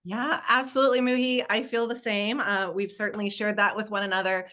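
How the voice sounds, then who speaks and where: A woman in her forties with a Southern US accent presents a webinar as a nonprofit consultant. Her medium-pitched voice is level, brisk, pushed and bright, and her manner is casual, upbeat and chatty, with easy laughter.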